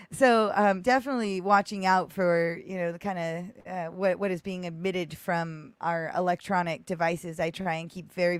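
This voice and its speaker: A woman's voice: lowish voice, clear, resonant tone, dry recording, clean studio sound. A woman hosting a casual live show, chatting in a rambling way with frequent restarts and giggles. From United States. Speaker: host.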